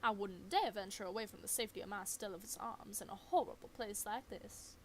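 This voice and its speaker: A woman's voice: medium pitch, brisk, slight background noise, lightly acted. A woman voicing a prim talking pet creature with a prissy, formal way of speaking.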